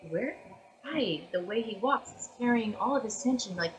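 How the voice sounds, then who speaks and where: A woman voice actress chatting casually as an interview guest, animated and full of fillers and restarts. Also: a little high, normal speed, a little hiss or hum, rough recording.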